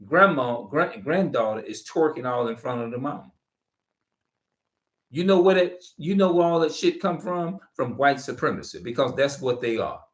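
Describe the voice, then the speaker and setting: A man's voice: medium pitch, animated, moderate pace. A man preaching informally to camera, reading verses and repeating his points with heavy profanity. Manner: emphatic, profane, repeats himself. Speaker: street preacher.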